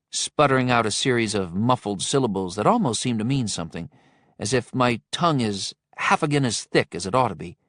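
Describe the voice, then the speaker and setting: A man narrating a first-person thriller audiobook in a middle-pitched voice. His storytelling is wry and dryly funny. The recording is dry and close. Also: fairly bright tone, no echo.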